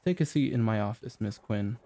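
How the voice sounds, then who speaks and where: A man voicing an exhausted, gruff ex-army detective in an audiobook, speaking tersely. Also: fairly low pitch, expressive, a little fast, dark tone. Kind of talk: audiobook character voice.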